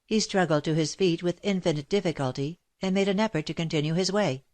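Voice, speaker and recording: Woman reading an old novel aloud, low voice, steady and measured. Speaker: audiobook narrator. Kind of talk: scripted narration.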